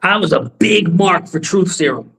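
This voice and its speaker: High-voiced man speaking emphatically. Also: moderate pace, gravelly, fairly bright tone, rough recording. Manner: emphatic, repeats himself. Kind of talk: casual podcast chat.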